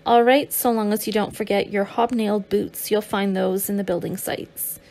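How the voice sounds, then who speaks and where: A woman's voice: medium pitch, fairly even intonation, moderate pace, creaky, a little mellow, close to an everyday voice. A woman reading the lines of a practical male plasterer in an audiobook memoir.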